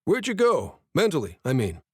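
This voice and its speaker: Teasing brother read by a male narrator, lifted pitch, dry booth. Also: huge pitch swings, moderate pace, breathy edge, dry recording, heavily acted. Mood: curious. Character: brother Kellen, teasing grown man.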